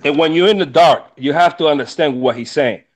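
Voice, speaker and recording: A man with a fairly high voice lectures his fellow panelists with emphatic, preachy conviction. His talk is casual, swears freely, and builds as he pushes his point. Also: fairly quick. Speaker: panel speaker, rideshare driver.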